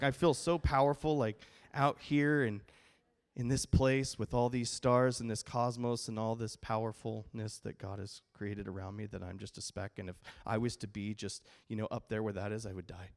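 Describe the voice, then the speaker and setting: Middle-aged male pastor, conversational sermon, mid pitch, acts out quotes. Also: normal speed. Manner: animated storytelling with acted-out quotes.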